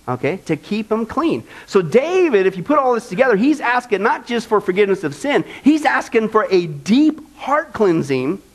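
A man preaching a sermon as pastor, conversational and animated, often checking in with "okay?". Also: high voice, low-quality recording.

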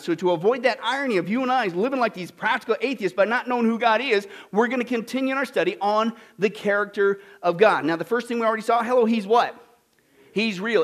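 A man preaching a sermon as pastor, lively and animated, asking the congregation questions and dropping into mocking put-on voices. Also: high-pitched.

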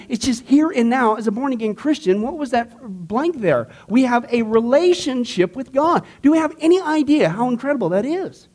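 A man teaching a church discipleship class in a conversational, animated way, joking with the class and acting out everyday people. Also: very high-pitched. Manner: conversational, jokes with the class, acts out skeptics.

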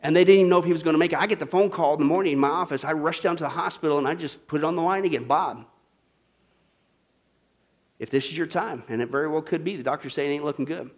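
A male pastor preaching a sermon, swinging between loud, emphatic passages and hushed whispers. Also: a little high, very fast, few pauses. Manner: dramatic swings from shouting to whispering.

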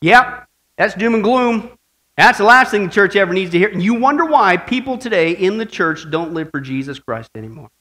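A male pastor preaching an animated sermon that swings from quiet asides to shouted praise. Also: sits high, fast talker, few pauses, rough recording.

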